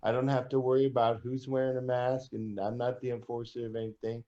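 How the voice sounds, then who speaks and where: A man's voice: mid-range voice, little pitch movement, brisk, warm tone, highs cut off. A man co-hosting a podcast, musing in an easygoing, rambling way. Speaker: podcast co-host. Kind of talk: casual chat.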